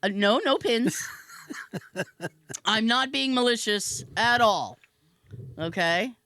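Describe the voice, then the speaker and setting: A woman hosting a podcast, telling a comic story in a casual, animated way and laughing often. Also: on the high side, slow pace. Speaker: podcast host.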